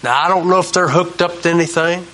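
This Christian talk show host has a high-sitting, fairly bright voice that stays steady while moving at a quick pace. He spins homespun tales like a folksy preacher, saying his main points more than once to drive them home.

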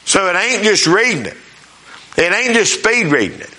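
High, bright-voiced folksy male preacher. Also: sing-song. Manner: folksy, questioning the congregation often; reads scripture slowly and emphatically. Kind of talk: sermon.

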